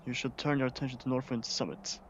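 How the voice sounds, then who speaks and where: Man from Sweden, gaming streamer, casual commentary, excitable, swears a lot, mid pitch. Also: fast talker, lo-fi sound, slight background noise.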